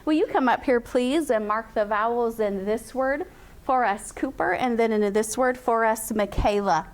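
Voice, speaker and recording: A woman's voice: on the high side, moderate pace, a little hiss or hum. A woman teacher leading a classroom phonics lesson. She is upbeat and drills vowel sounds in call-and-response chants.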